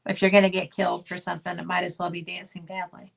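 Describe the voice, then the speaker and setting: A woman's voice: lowish voice, level tone, fast, vocal fry. A woman hosting an interview show, chatting casually with her guest and reacting to his stories. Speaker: host.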